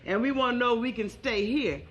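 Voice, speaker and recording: A man's voice: very high-pitched, brisk, a bit bright. A woman voicing a drawling grown cowboy, told to a live comedy club audience. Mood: easygoing.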